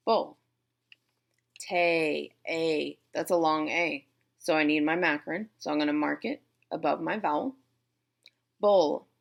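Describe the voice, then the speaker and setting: A woman's voice: low-pitched, creaky. A woman teacher from Boston with a Boston accent, explaining syllable types step by step and talking playfully to her viewers. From Boston, USA. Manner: playful, addresses viewers directly. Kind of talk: classroom instruction on syllable types.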